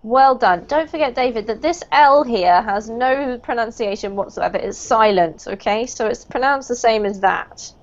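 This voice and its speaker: Encouraging woman teaching pronunciation. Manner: encouraging, clear and deliberate. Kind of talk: online group pronunciation lesson. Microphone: video call. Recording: muffled low-fidelity video call audio.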